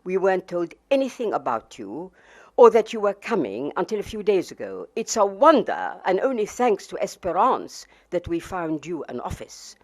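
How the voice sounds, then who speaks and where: A woman's voice: on the low side, very animated, normal speed, darkish tone. A woman reading aloud the lines of a smug, scornful middle-aged male official, in a mocking and condescending manner.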